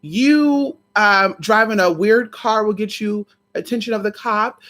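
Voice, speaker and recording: A woman vlogger casually telling a personal story to her viewers, animated and full of swearing, often calling them "y'all". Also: medium pitch, a little slow.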